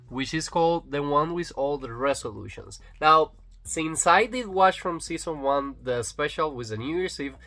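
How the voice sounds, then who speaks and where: Rambling man retelling a sitcom plot. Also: mid-range voice. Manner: retells scenes quoting characters in a relaxed, rambling way. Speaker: vlog host. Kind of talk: casual spoken review.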